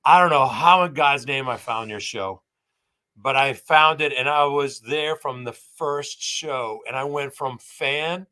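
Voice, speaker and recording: A man in his sixties speaking as a guest on a live show, halting and repeating words as he gives a heartfelt, teary tribute. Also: mid-range voice, pushed and bright. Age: 60s. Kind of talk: emotional casual tribute.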